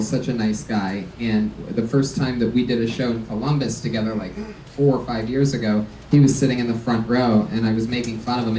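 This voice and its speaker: A man from Ohio hosting a live comedy show, joking loudly with the crowd. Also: medium pitch. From Youngstown, Ohio. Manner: loud, joking banter with the crowd. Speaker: comedy podcast host. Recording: echoey club, distant mic. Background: loud crowd and noise.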